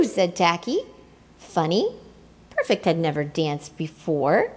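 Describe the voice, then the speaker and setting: A woman reading a children's picture book aloud in an expressive, playful way. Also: on the low side, takes it slowly, breathy edge. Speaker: storyteller. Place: church.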